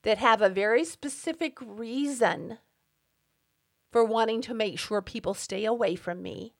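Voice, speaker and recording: A woman's voice: mid-range voice, gravelly. A middle-aged woman hosting her own podcast, speaking an emphatic, indignant personal monologue and getting worked up as she talks. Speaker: podcast host.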